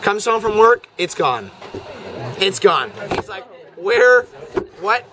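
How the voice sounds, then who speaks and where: A teenage boy telling a long, drawn-out joke story to friends with a teasing delivery. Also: high-pitched, very animated, noisy background. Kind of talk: casual shaggy-dog storytelling. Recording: outdoor crowd chatter. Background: chatter of a group nearby.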